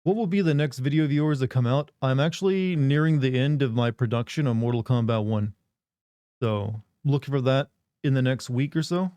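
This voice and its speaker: A man's voice: medium pitch, normal speed, warm tone, clean tone, no room sound. A man hosting a live stream, joking and rambling in casual banter with his chat on a close desk mic. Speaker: livestream host.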